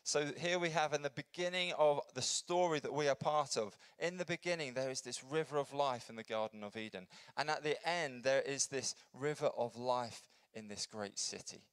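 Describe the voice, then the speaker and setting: Earnest man preaching with a smooth voice. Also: moderate pace, few pauses, dry recording. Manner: earnest, builds up then drops to a soft low voice. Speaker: pastor. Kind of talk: sermon. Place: church.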